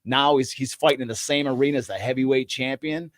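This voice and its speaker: A man's voice: mid-range voice, steady tone, fast talker, dry recording, studio quality. A man in casual podcast chat, enthusiastic and full of restarts. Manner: enthusiastic, many restarts and fillers. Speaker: podcast co-host, screenwriter. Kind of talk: casual chat, reading a screenplay aloud.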